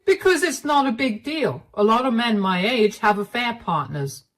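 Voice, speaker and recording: A woman's voice: a little high, expressive, normal speed. A woman voicing a cold, dismissive middle-aged husband who talks down to his wife curtly. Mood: condescending. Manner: condescending, curt and dismissive. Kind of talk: storytelling dialogue.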